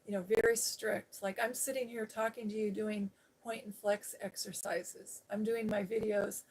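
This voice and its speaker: A woman's voice: medium pitch, steady tone, normal speed, a little mellow, breathy edge. A woman sits and talks straight to her viewers on a live stream, winding through a long personal story. She keeps jumping between asides, and she slips into the voices of the people she quotes. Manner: rambling, storytelling, quoting others with changes of tone. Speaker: ASMR channel host. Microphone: seated on a day bed, live stream.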